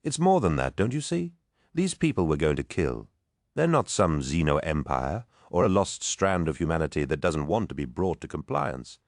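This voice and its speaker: A man's voice: very deep voice, very animated, moderate pace, no room sound, studio quality, heavily acted. A man voicing an earnest, troubled young male space warrior captain in an audiobook. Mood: urgent. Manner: earnest, pleading.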